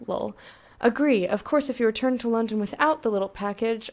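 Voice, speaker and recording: A woman's voice: a little high, quick pace, a little mellow, close to an everyday voice. A woman voicing a menacing, mock-polite male go-between in a game, trying an accent she admits is bad. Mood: sly. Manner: florid, mock-courteous reading with a fumbled accent.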